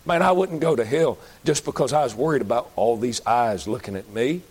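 A man's voice: mid-range voice, lively intonation, brisk, a little mellow. A man preaching an evangelistic sermon, fervent and emphatic, pleading with his listeners.

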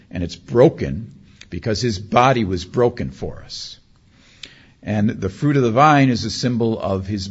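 Husky low-voiced male pastor preaching. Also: lo-fi sound. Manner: conversational, often asks "right?"; grows louder and more fervent. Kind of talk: sermon. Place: church.

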